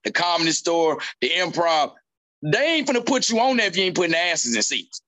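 A male stand-up comedian in casual chat, telling animated stories and acting out what people said. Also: fairly high pitch, brisk. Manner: animated storyteller acting out quotes.

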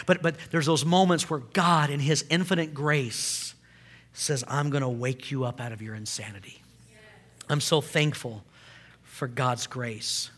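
A male pastor preaching a sermon, telling stories with animated bursts and then slowing to hushed emphasis. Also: fairly high pitch. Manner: animated storytelling, swinging from loud bursts to slow hushed emphasis.

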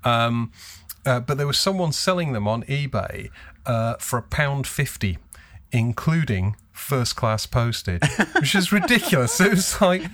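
A man's voice: medium pitch, sing-song, unhurried, a bit bright, dry recording. A man co-hosting a podcast, talking enthusiastically and swearing for emphasis. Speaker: podcast co-host. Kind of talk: casual chat.

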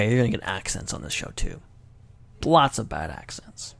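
A man hosting a casual podcast, rambling along in a self-deprecating, jokey way. His voice has a gravelly edge and swings widely in pitch. The sound is dry and close, with no room around it. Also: sing-song, normal speed, a bit bright, no echo. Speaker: podcast host. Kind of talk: casual livestream chat.

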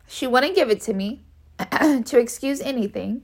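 Woman, casual storytime, unhurried delivery, slightly high pitch, emphatic, repeats phrases. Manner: frank and conversational, with fillers. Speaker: vlogger telling a personal story.

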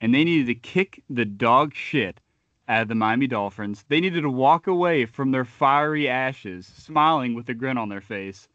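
A man's voice: mid-range voice, animated, normal speed, fairly bright tone, no echo, dull audio. A man co-hosting a sports podcast, riffing with trash talk and long comic analogies. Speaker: podcast co-host.

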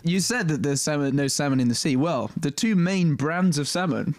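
A man's voice: a little high, lively intonation, normal speed, no echo. A man hosting a casual comedy podcast, rambling and laughing as he tries to keep the talk on track. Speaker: podcast host.

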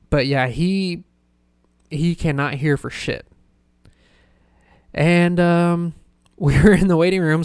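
Young guy, podcast host, loose rambling chat, smooth clear voice, dry close sound. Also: medium pitch, darkish tone, dry recording. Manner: rambling, full of "like" fillers and laughter. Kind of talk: casual storytelling chat.

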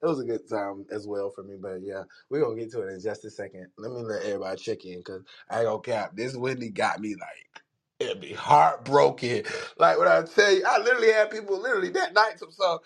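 A man hosting a podcast, talking casually in slang, emotional, dropping quiet then rising loud. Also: mid-range voice, quick pace, vocal fry. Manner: emotional, slangy, swings between hushed and loud. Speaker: podcast host. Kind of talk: casual morning check-in chat.

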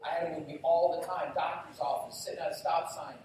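A man preaching a sermon as pastor, telling stories with lively energy and asking the congregation questions directly. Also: on the high side, fast, slight background noise. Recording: very echoey hall, distant mic.

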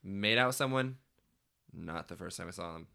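A man's voice: low voice, normal speed, vocal fry, sharp tone. A man in his thirties co-hosting a podcast, making crude, goofy jokes in casual chat. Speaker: podcast co-host.

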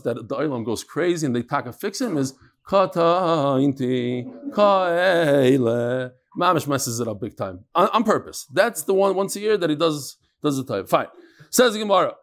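A man's voice: on the high side, a bit bright. A man teaching a casual study-group class, chanting lines and then explaining them with restarts and joking asides. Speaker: Talmud teacher.

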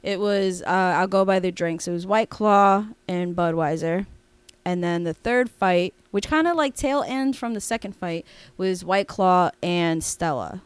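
Brief: woman podcast co-host, smooth voice, dry close mic, rambling and animated as she tells a story. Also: fairly low pitch, measured pace, no room sound. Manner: rambling, animated, with many fillers and restarts. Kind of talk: casual storytelling chat.

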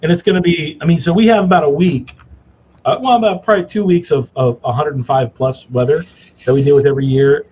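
Middle-aged man telling animated stories. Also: a little high, quick pace, dull audio, slight background noise. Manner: animated, self-mocking anecdotes with restarts. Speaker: cigar company guest. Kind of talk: casual storytelling chat.

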